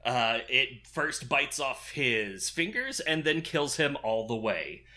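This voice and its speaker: Sarcastic man with a bright voice. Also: medium pitch, sing-song, slow. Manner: sarcastic, crude, laughing often. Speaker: podcast co-host recapping a movie. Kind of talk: casual comedic chat.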